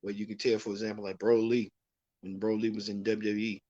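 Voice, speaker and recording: A man's voice: fairly low pitch, little pitch movement, a little fast, mellow, dry recording, lo-fi sound. A man hosting a wrestling recap show, giving rambling, opinionated commentary with frequent restarts. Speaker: host.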